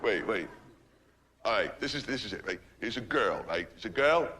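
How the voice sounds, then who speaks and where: A man's voice: lowish voice, animated, moderate pace, background noise, natural voice. A man playing a stoned rambling party guy. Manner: rambling, crude, keeps saying "man" and "right". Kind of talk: stage monologue.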